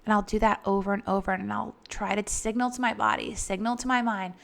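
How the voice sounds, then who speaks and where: A woman yoga teacher giving a casual, chatty lesson on calming breathing and laughing now and then. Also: medium pitch, brisk, vocal fry. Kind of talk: casual instructional talk.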